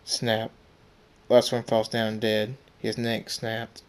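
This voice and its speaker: Slow halting man reading a story. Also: lowish voice, completely flat delivery, clear, resonant tone. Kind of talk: reading a fan story aloud.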